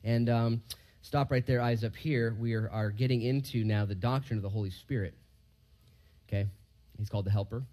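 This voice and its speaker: A man preaches a relaxed verse-by-verse sermon to a gathered congregation. His voice sits at an ordinary middle pitch. He keeps asking the room questions and swings from loud, rising emphasis to quiet, low asides. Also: moderate pace. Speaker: pastor.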